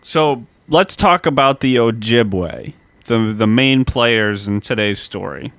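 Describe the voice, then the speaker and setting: A man co-hosting a casual history podcast, laying out events step by step like a storyteller. His voice is bright and crisp, with a dry, close sound. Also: mid-range voice, expressive, slow pace, no room sound. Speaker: podcast co-host.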